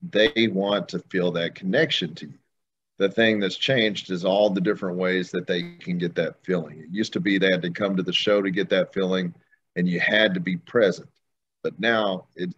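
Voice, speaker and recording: A man co-hosting a podcast, talking in a steady, reflective way, recorded with dull lo-fi sound and faint noise behind him. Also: low voice, moderate pace, slightly rough. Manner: steady and reflective, talks things through. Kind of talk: casual podcast chat.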